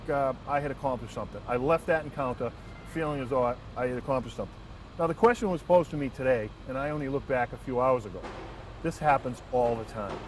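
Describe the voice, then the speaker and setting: A man, a transit police lieutenant, telling a work anecdote in an earnest, measured way with frequent restarts. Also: fairly high pitch. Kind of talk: first-person anecdote and reflection. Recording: distant mic, faint outdoor traffic noise.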